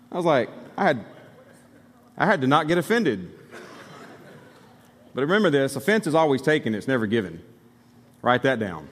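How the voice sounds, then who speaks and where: Pastor from Alabama preaching in a reverberant hall. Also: male voice, medium pitch, big pitch swings, moderate pace, long pauses. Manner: conversational, emphatic preaching with asides to the congregation. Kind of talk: sermon. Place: church sanctuary. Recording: long hall reverb from the sanctuary.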